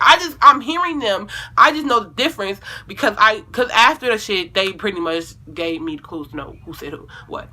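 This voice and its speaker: At a moderate pace and in a mid-range voice, a young woman vlogger relates a personal story, sounding casual and animated, with lots of swearing and dramatized quotes.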